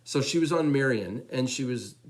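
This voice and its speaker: A man telling a church testimony story in a loose, chatty way. He slips into the voices of the people he quotes and keeps the story moving. His voice sits at an ordinary middle pitch. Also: normal speed, low-quality recording. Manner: animated storyteller, acts out quoted dialogue; loose and chatty, repeats fillers. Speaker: church member giving a praise report.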